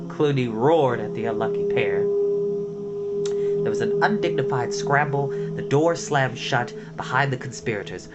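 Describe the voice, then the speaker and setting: A man narrates a storybook in a dramatic, expressive way. His pitch moves a great deal as he reads. Gentle music plays behind him. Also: moderate pace. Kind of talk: storybook read-aloud.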